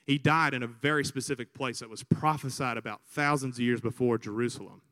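A man from Alabama with a Southern American accent, a priest preaching a sermon and telling stories with lively crowd imitations. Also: medium pitch, a little fast, big-room sound. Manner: animated storyteller, imitates crowds. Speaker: priest, vocation director. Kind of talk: sermon with storytelling.

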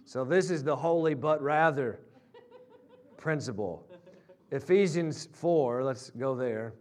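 A man preaching a sermon, telling stories that build loud and high at their peaks. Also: slow. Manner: storytelling, rising loud and high at climaxes. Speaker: pastor.

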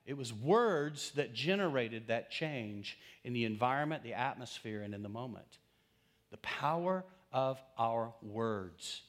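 A middle-aged pastor from Texas preaches a sermon, telling stories with dramatic swings between loud passages and hushed asides. His voice is medium in pitch.

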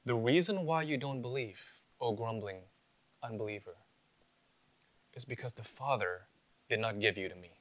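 A man's voice: mid-range voice, normal speed, long pauses, no room sound. A man preaching a sermon as pastor, earnest and building to emphatic rebukes, sometimes mimicking listeners' excuses in a casual voice.

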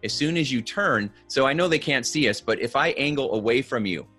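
A man's voice: mid-range voice, lively intonation, a little fast, pushed and bright, faint music behind. A man giving practical advice in a conversational podcast, coaching the listener and checking in with "okay?" and "right?" as he goes. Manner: coaching, instructive, asks "okay?" and "right?" often. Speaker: guest expert on body language.

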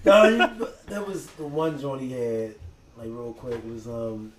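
A man's voice: medium pitch, measured pace, low-quality recording. A man co-hosting a podcast, chatting casually and retelling stories with laughter and acted-out quotes. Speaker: podcast co-host. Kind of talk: casual chat.

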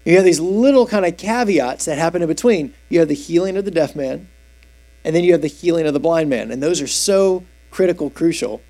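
High-voiced, chatty male preacher. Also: a little fast. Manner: animated, conversational, asks the audience questions. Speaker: preacher, youth teacher. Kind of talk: expository sermon.

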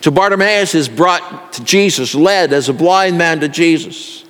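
A man's voice: a little high, a little slow, fairly bright tone, long reverb tail. A male pastor delivering an earnest sermon that builds in intensity.

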